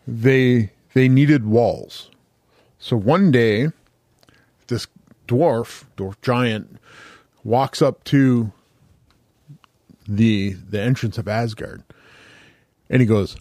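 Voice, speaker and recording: A man telling a story slowly and casually, stopping and restarting often and swearing freely. His voice sits at an ordinary pitch. The sound is dry and close, with no room echo. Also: darkish tone. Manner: loose, profane, halting with fillers. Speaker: podcast host.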